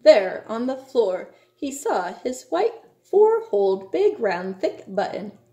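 Slow storybook-reading woman. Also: a little high, sing-song, dark tone. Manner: slow, measured narration. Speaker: reader. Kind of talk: storybook read-aloud. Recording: echoey room.

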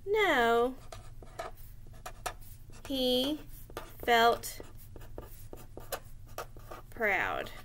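Brief: woman teacher with a high voice, recorded lesson for young children, patient and clear. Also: slight background noise. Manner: slow, clear and encouraging, spelling out words as she writes.

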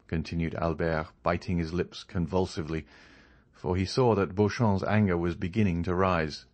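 Man, audiobook narrator, classic novel, steady storytelling, lowish pitch. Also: normal speed, dry recording.

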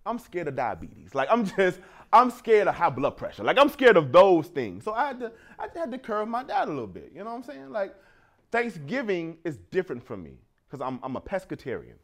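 A man in his thirties on stage doing stand-up with a high-pitched, swooping voice. He tells his stories with lots of energy and often laughs at his own jokes. His delivery stays loose and conversational. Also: wildly swooping pitch, a little fast, fairly bright tone. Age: 30s. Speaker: stand-up comedian. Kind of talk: stand-up routine.

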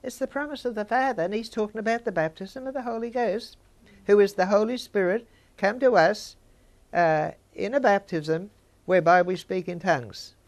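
A woman's voice: mid-range voice, normal speed, darkish tone. An older woman, giving informal Bible teaching and chatting with her listeners. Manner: conversational, chats with listeners.

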